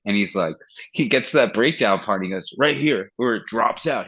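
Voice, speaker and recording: A man's voice: on the low side, a little fast, sharp tone, low-quality recording. A man who sings in a metal band, talking casually as a podcast guest, swearing freely and acting out quoted conversations. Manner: loose and profane, acts out quoted dialogue. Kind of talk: casual interview chat.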